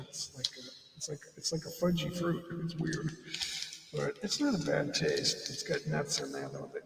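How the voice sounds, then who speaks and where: A man's voice: a little high, creaky, fairly bright tone, a little hiss or hum. A middle-aged man hosting a casual livestream, rambling and talking with his mouth full. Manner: rambling, talking while chewing. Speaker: livestream host. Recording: echoey room, distant mic.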